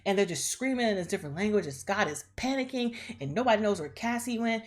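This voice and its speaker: A woman casually retelling a movie plot in a slangy, profane, animated way, acting out the characters as she goes. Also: mid-range voice, fast talker. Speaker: movie recap vlogger.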